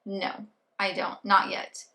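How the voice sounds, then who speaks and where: A young adult woman vlogging casually, telling a story in an animated way and acting out her own thoughts and what others told her. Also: slow pace.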